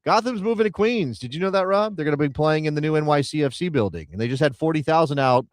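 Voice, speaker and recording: A man's voice: a little high, animated, fast talker, no room sound, clean studio sound. A man co-hosting a casual soccer live stream, chatty and rambling as he reads out viewer names. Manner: rambling, chatty, thinks aloud while reading chat names. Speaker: soccer show co-host.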